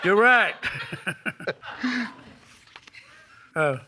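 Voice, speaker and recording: A man's voice: sits high, expressive, drawn-out words, noisy background. A man who is a talk show guest, reading jokes in a laid-back, easygoing way. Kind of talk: casual joke reading.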